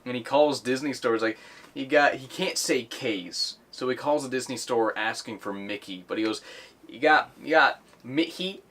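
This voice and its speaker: A man's voice: medium pitch, normal speed, fairly bright tone. A man hosting a podcast in casual chat, rambling with many fillers and restarts. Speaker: podcast host.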